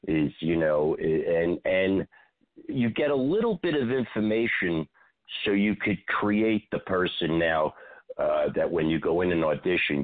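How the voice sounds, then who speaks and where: A man, an actor, telling animated show-business stories as a radio guest and acting out what people said. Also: sits low, narrow, tinny audio. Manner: animated storyteller, acts out quotes.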